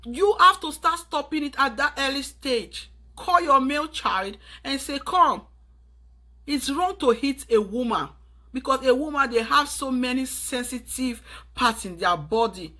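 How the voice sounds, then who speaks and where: A woman's voice: high-pitched, lively intonation, normal speed, pushed and bright. A Nigerian woman lecturing her viewers in an urgent, preachy tone, slipping into pidgin phrases. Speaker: vlogger giving advice. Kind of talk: earnest advice monologue to camera.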